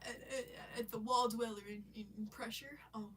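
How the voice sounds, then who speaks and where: A woman telling a rambling story on a live stream, casual and animated, swearing and laughing often. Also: on the high side, normal speed, slight background noise. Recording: voice a bit far from the mic.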